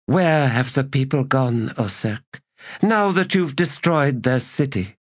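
A man's voice: mid-range voice, expressive, slow pace, pitched above the performer's own voice. A man voicing a fierce fanged giantess. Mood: defiant. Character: Kilmandaros, a huge fanged goddess, fierce and defiant.

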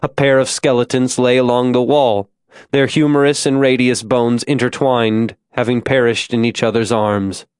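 A man reading a suspense audiobook aloud in a steady, measured storytelling voice. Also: mid-range voice, clear, resonant tone, no room sound, clean studio sound. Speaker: audiobook narrator. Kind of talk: scripted narration.

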